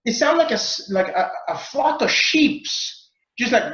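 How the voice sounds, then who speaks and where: Animated man, roomy lo-fi sound. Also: very high voice, measured pace. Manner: lively, playful, acts out mock accents and sounds. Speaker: communication expert guest. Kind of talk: animated interview answers.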